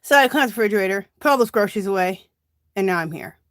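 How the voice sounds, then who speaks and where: A woman's voice: mid-range voice, expressive, very fast, fairly bright tone, no room sound, clean studio sound. A middle-aged woman chatting casually on a home craft livestream, greeting viewers by name and a bit out of breath. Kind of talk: casual live-stream chat while crafting.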